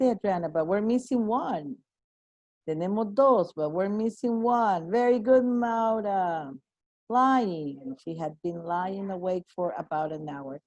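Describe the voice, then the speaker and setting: Bilingual woman teacher, slow and dry. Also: medium pitch, a little mellow, no echo. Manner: switches between English and Spanish, encouraging; praises students by name. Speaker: English teacher. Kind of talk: online class teaching.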